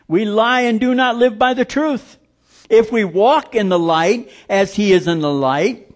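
A man preaching a sermon, blunt and emphatic, slowing down to stress scripture lines. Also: high-pitched.

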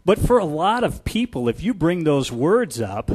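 A man's voice: fairly high pitch, sing-song, moderate pace, husky. Conversational male pastor preaching. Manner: conversational, builds from quiet to loud; rhetorical questions to the congregation. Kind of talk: sermon.

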